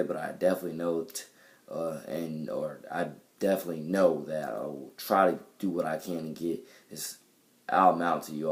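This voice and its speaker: A young man talking to camera in a casual video diary about his music, rambling with many fillers and restarts. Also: low-pitched. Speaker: vlogger and musician. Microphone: camera mic.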